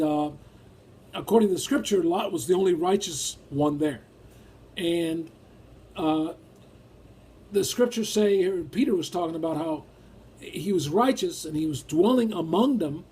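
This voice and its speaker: A man's voice: sits high, warm tone, breathy edge. A man preaching a sermon and reading scripture aloud in an emphatic way. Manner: emphatic, rises when acting out feelings.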